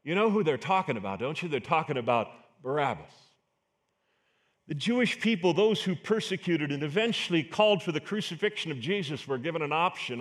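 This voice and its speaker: A man's voice: fairly high pitch, expressive, a little fast, a bit bright. A man preaching a sermon as pastor, earnest and emphatic, asking the congregation rhetorical questions.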